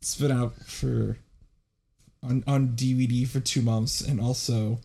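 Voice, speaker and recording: A man co-hosting a casual film podcast, animated and laughing often with quick asides. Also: mid-range voice, vocal fry, slightly rough. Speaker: podcast co-host. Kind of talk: casual chat.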